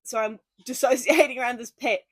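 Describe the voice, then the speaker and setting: A woman's voice: fairly high pitch, a little fast, no room sound. A young woman with an Australian accent, co-hosting a casual podcast and rambling through a story with swearing and sarcasm. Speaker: podcast co-host. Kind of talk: casual chat.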